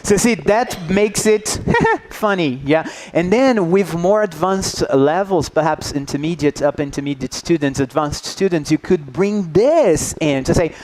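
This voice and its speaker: A man's voice: fairly high pitch, unhurried, few pauses, a little mellow, a little hiss or hum. A man leading a teacher workshop, coaxing the audience and checking in with "yeah?" after nearly every point. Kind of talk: interactive workshop talk.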